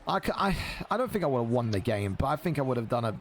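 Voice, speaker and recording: A man commentating a video game football match with casual banter, animated and swearing freely. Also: mid-range voice, slight background noise. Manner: animated, swears casually, quick play calls.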